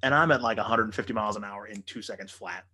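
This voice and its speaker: A man's voice: fairly low pitch, rapid-fire, breathy edge. Profane man telling a wild story. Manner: profane, animated, acts out quotes in raised voices. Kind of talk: casual storytelling.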